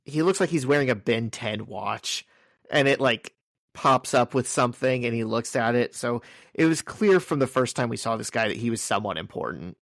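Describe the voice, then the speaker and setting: A man in the middle pitch range chats loosely while he recaps a comic book page by page. He tosses in crude jokes. His voice sounds close and dry, with no room around it. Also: animated, normal speed, gravelly, a bit bright, dry recording. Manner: crude, joking, recounts scenes in order. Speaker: podcast co-host. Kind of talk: casual chat recapping a comic.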